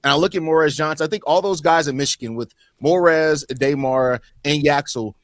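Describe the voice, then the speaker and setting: A man's voice: on the high side, fairly quick, no echo. A man co-hosting a casual podcast roundtable, analytical and teasing. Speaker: podcast co-host.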